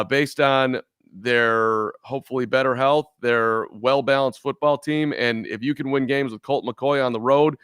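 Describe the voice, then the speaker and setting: A man's voice: medium pitch, a bit bright, smooth, dry recording, studio quality. A man co-hosting a sports podcast, chatting playfully with jokes and stammered restarts. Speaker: podcast co-host. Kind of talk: casual sports talk.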